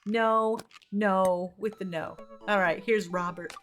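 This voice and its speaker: A woman's voice: mid-range voice, fairly even intonation, slow pace, faint music behind. A woman streamer giving casual commentary on a game, laughing often and reading chat aloud.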